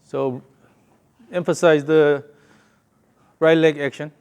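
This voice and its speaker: A man's voice: a little high, steady tone, slow, a little mellow, clean tone. A male golf coach giving a hands-on lesson, calling short repeated cues and humming the count and rhythm.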